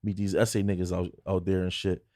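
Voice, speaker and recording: A young man from Philadelphia, a podcast guest, telling a story in casual chat, animated and cursing freely. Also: low voice, quick pace, no echo, studio quality. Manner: animated storyteller, acts out quotes in raised voice, swears freely. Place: podcast studio.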